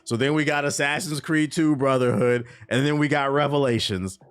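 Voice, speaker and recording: A man's voice: medium pitch, normal speed, clean tone. A man streaming about gaming news, ranting and joking with lots of swearing and sarcasm. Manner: animated, swearing, sarcastic, laughs often. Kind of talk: casual profane reaction rant.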